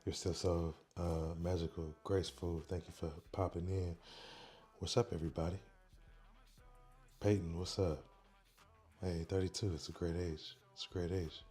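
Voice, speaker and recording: A man hosting a casual livestream, talking softly and quietly into a microphone worn on his neck. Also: deep voice, flat delivery, normal speed, pauses often, soft background music. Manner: soft, quiet, chill talk, reading chat aloud. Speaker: livestream host.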